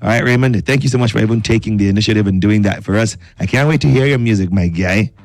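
A man's voice: fairly low pitch, fast. Playful Nigerian radio host man. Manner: playful, joking, reads listener messages aloud. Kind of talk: lively radio chat. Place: radio studio.

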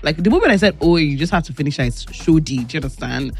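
A woman's voice: low-pitched, lively intonation, fast talker, breathy edge, faint music behind. A Nigerian woman hosting a radio show, bantering playfully with co-hosts and laughing often. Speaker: radio host. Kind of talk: casual on-air banter. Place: radio studio.

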